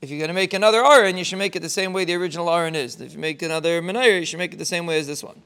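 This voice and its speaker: A man's voice: fairly high pitch, sharp tone, clean tone. A man, giving an informal Torah talk that he explains step by step. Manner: explains step by step, ends in a fast rising string of blessings. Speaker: rabbi giving a short Torah thought.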